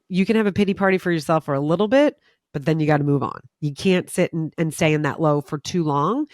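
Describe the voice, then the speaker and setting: A woman hosting a podcast conversation, telling lively stories and acting out quoted voices, swearing casually. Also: lowish voice, no room sound, studio quality. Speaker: podcast host.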